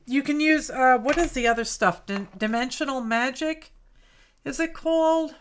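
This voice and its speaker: A woman's voice: high-pitched, moderate pace, clean tone. A woman hosting a craft livestream, chatting casually with viewers by name and thinking aloud as she works.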